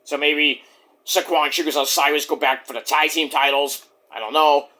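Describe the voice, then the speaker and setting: A man in his forties giving a casual, rambling, profane review, now and then mimicking others in quick put-on voices. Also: fairly high pitch, fairly even intonation, bright, forceful tone. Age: 40s. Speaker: wrestling show reviewer.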